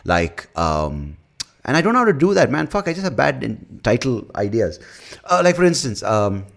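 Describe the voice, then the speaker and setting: A man's voice: medium pitch, very animated, normal speed, vocal fry. A man with an Indian English accent, hosting a podcast and ranting in a rambling, profane, casual way, often correcting himself. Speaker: comedian podcast host. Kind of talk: casual rant.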